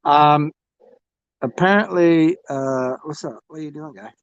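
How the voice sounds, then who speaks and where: American man, tarot livestream host, crude rambling banter, higher voice, dull lo-fi mic. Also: unhurried, clear, resonant tone, no room sound. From United States. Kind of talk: casual livestream chat.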